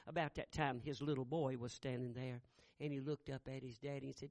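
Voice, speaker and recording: A man's voice: medium pitch, steady tone, a little fast, a little mellow, dry recording. A man preaching a sermon, telling a story in a folksy, conversational way.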